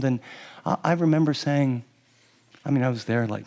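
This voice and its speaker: A middle-aged man preaching on marriage, lively and laughing often as he acts out what husbands and wives might say. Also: medium pitch, normal speed, pauses often. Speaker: pastor. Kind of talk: sermon on marriage to a live audience.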